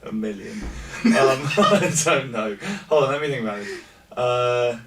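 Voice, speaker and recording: A man chatting as an interview guest, quick to laugh and poking fun at himself, recorded backstage at a concert venue. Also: medium pitch, lively intonation. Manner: chatty, laughs often, self-deprecating. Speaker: musician guest. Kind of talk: casual interview chat. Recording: roomy, distant mic with faint noise.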